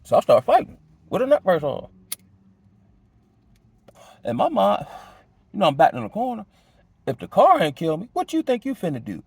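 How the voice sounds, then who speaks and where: An animated man tells a hard story from his own life as a casual spoken testimony, his voice creaky and slightly rough on a dry recording. He moves at a moderate pace with frequent pauses, uses loose street slang, restarts a lot, and says "you know what I'm saying"; when agitated, his emotional pitch shoots high.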